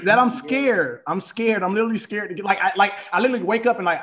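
A man in his thirties chatting casually as a podcast co-host, animated and profane, acting out what people say. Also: high-pitched, fast. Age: 30s. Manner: animated, profane, acts out quoted lines. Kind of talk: casual chat.

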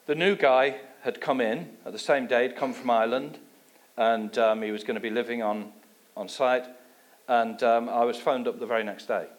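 English guy preaching, personal testimony, lively storytelling, goes low and quiet on the asides. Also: moderate pace. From England. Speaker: guest preacher.

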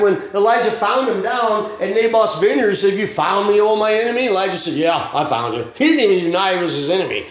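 A man, a pastor preaching a sermon in a folksy, plainspoken way with slang and quick asides. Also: sits high, echoey room.

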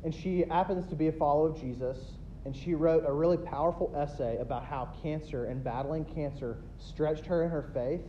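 Man preaching, fairly high voice, warm tone, emphatic builds and hushed asides, dull lo-fi recording, faint rumble. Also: brisk, few pauses. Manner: emphatic preaching that swings between loud builds and quiet asides. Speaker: pastor. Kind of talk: sermon.

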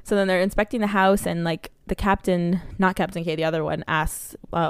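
Woman, lowish voice, casual movie recap, filler-heavy, dry studio-close. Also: fairly even intonation, brisk, clear, resonant tone, no echo. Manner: rambling plot recap with many fillers. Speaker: podcast co-host. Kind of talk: casual movie review chat.

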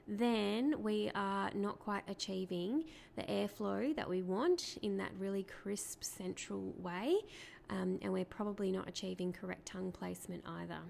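A woman speech therapist explaining to parents in a clear, patient teaching talk, asking rhetorical questions along the way. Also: medium pitch, unhurried, a little mellow, a little hiss or hum.

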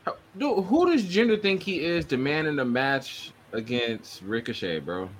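Male co-host, mid-pitched, exasperated, slangy, light hiss behind. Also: very animated, normal speed. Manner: exasperated, says bro a lot. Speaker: podcast co-host. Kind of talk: casual wrestling chat.

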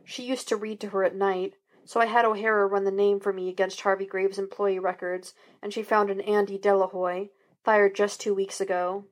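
Woman doing a gruff, curt male cop. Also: mid-range voice, level tone, normal speed, lightly acted. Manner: curt, barking. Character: gruff stern male police detective.

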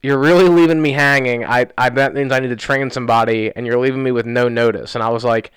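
On a studio podcast mic, a young male co-host retells a story fast and animatedly, peppering his casual rambling with "like." The voice sits in the mid range, smooth, with no echo.

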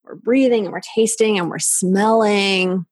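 A woman speaking as a podcast guest in an intimate conversation, slow and halting, soft, with many filler likes. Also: medium pitch, no room sound, clean studio sound.

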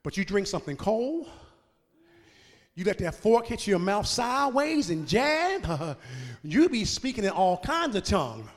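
A male pastor delivers a sermon in a high, ringing voice. He climbs into shouted, half-sung cadences and then drops back into low, chatty asides to the congregation. The sound carries the long reverb of a church sanctuary. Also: very animated, measured pace.

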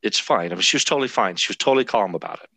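A man's voice: fairly low pitch, expressive, very fast, vocal fry, bright, forceful tone, husky, no echo. A man in his thirties, a podcast guest, telling a personal story in a candid, self-deprecating way with frequent laughs. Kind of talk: storytelling in conversation.

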